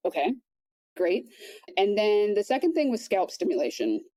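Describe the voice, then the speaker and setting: Woman guest, soft-spoken storyteller, lowish warm voice, dry close sound. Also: very animated, dry recording, poor audio. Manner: quiet, measured retelling with many restarts. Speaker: podcast guest. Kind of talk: personal storytelling in conversation.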